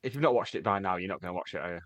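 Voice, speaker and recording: A man co-hosting a podcast, dropping dry, deadpan quips in casual comedic chat. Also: low-pitched, very fast, dry recording. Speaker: podcast co-host.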